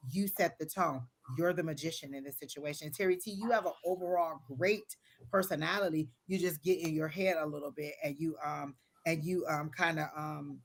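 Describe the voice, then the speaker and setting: Woman, lowish voice, live-stream psychic reader, earnest, motivational, repetitive, casual phrasing. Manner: earnest, repetitive, motivational, talks straight to viewers.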